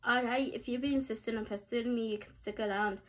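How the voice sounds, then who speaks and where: A woman voicing a sarcastic male lemur hacker in a put-on Scottish accent, speaking quickly and dryly. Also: on the high side, fairly even intonation, slight background noise, close to an everyday voice. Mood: mock threatening.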